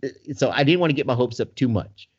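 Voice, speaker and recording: A man's voice: mid-range voice, fast talker, breathy edge. Man telling a story, lo-fi. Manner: animated, full of "you know", acts out voices. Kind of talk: casual personal storytelling. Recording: dull lo-fi recording.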